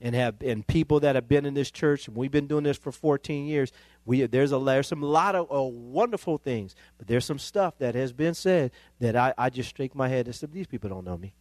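A male pastor, preaching a sermon that climbs into emphatic, excited peaks. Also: medium pitch, moderate pace, dry recording.

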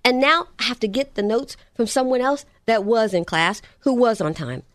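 A woman's voice: fairly high pitch, moderate pace, no echo, studio quality, close to an everyday voice. A woman quoting a frustrated college son. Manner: whiny, complaining. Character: frustrated young male college student.

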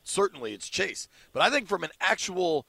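A man hosts a sports talk program in a casual, joking way, stumbling over restarts as he works through a point. His voice is a touch high and gravelly, recorded close and dry. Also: big pitch swings, moderate pace, sharp tone, no room sound. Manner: loose, jokey, talks in restarts. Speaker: sports radio host.

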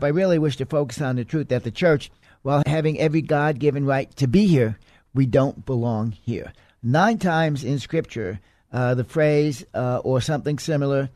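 Guy preaching a sermon, kinda high but warm voice, dry close sound. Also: no echo. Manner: earnest, reads quotes aloud and comments on them.

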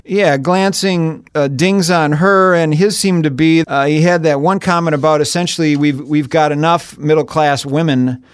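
A man in a relaxed political podcast chat, his voice on the higher side and recorded dry and close. He talks in a chatty, teasing way and laughs often. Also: normal speed, few pauses, clean tone, no echo. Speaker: podcast co-host, editorial board member.

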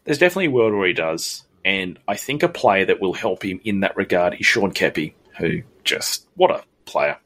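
A man's voice: sits low, expressive, moderate pace, few pauses, a bit bright, slight background noise. A man, co-hosting a sports podcast, steadily leading the segments and the news. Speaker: podcast co-host. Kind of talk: casual sports chat.

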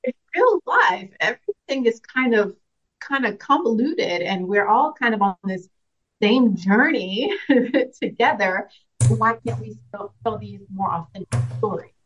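A young woman speaks at a medium pitch in a relaxed interview. She is reflective and earnest, and she often starts a sentence over or laughs between thoughts. The recording has a slightly dull, lo-fi sound. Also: unhurried, breathy edge. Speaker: actress guest. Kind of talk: casual interview.

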